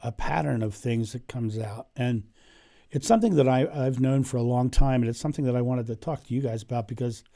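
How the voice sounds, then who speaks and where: A hoarse man with laryngitis hosting a casual livestream from home, chatting and laughing often into his microphone. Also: mid-range voice, fairly quick, mellow. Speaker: livestream host. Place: home in Ohio. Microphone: microphone turned up.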